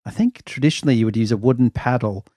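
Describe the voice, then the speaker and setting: A man's voice: medium pitch, quick pace, mellow, dry recording. A man co-hosting a casual podcast chat, easygoing with a dry sense of humor. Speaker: podcast co-host.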